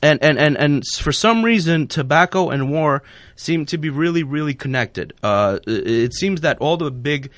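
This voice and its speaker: A man's voice: on the high side, expressive, normal speed, a bit bright, dry recording. A man hosting a radio show, chatting casually and rambling with lots of fillers and restarts. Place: radio studio. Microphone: studio microphone.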